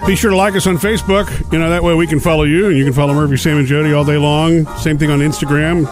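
A man co-hosting a casual radio show, chatty and quick to jump into the talk. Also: a little high, steady tone, music in the background. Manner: quick and chatty, interjects often. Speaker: radio co-host. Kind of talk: casual morning radio chat.

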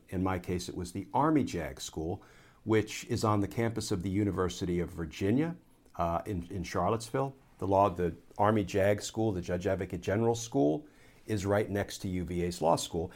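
Low-voiced man explaining like a lawyer. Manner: measured, explanatory courtroom-style delivery. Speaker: political commentator, former Army lawyer. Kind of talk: political commentary monologue.

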